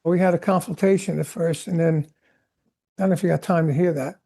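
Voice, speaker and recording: An older man, a veteran drummer, telling animated stories in a podcast interview and acting out the voices of the people he quotes. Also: on the high side, brisk, creaky. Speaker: guest drummer.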